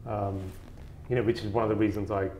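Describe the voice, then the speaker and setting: A man's voice: on the low side, level tone, quick pace, mellow, slight background noise. A man from the English Midlands with a faint Birmingham accent, a dealer chatting as a guest in his gallery, hesitant with many ums and a dry wit. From English Midlands, south Birmingham. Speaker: arms and armour dealer, guest. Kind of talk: casual interview chat. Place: his gallery exhibition in New York.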